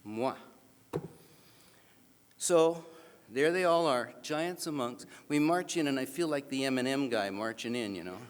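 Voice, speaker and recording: A man giving an animated, self-mocking storytelling speech at an awards event, acting out the other people in his story. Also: mid-range voice, a little slow, pauses often, clean tone. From Canada. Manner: animated, self-mocking anecdote with acted-out voices. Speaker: awards speaker. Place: banquet hall. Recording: reverberant hall PA sound.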